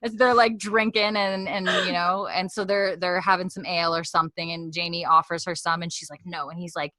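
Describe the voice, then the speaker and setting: A woman co-hosting a podcast, recapping a TV episode in casual chat and acting out the characters' lines in quick put-on voices. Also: lowish voice, fairly even intonation, bright, forceful tone, no echo. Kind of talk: casual chat, animated retelling.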